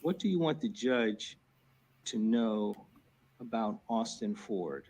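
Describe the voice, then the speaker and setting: A man with a New Jersey accent questioning a witness in a courtroom, hurried and friendly. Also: on the low side, animated, darkish tone, breathy edge. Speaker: defense attorney.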